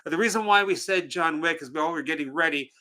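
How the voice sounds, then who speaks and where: Here a co-host of a movie watch party livestream talks quickly in a slightly high, bright voice with a forceful edge. The chat is casual and jokey, full of theatrical hellos as he reads off viewers' names.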